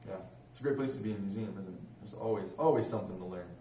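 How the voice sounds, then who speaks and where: A chatty airman tells a history story to a room full of listeners, asking them questions as he goes. His voice sits at an ordinary pitch. He sounds a little distant in a roomy hall, with faint noise underneath. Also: racing, warm tone. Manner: chatty, asks the audience questions. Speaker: religious affairs airman giving a talk. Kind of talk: informal history talk to a museum audience. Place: museum room.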